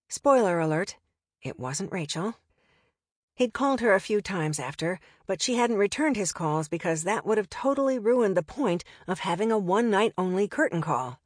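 Woman audiobook narrator, wry, conversational, lowish voice, dry close mic. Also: no echo.

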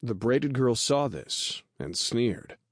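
A man narrates an audiobook in a steady, measured storytelling voice. His voice is mid-range, and the studio recording has no room sound.

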